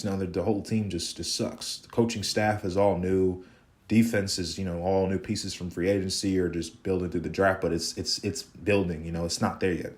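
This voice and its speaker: A man hosting a sports podcast, ranting casually with lots of cursing and repetition. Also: on the low side. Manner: profane, fired-up, repeats himself.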